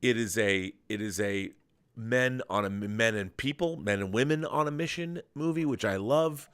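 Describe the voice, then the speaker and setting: A man's voice: fairly low pitch, normal speed, fairly bright tone, clean tone. A middle-aged man hosting a podcast, chatting casually and enthusiastically about films, rambling with restarts. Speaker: podcast host. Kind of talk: casual film chat.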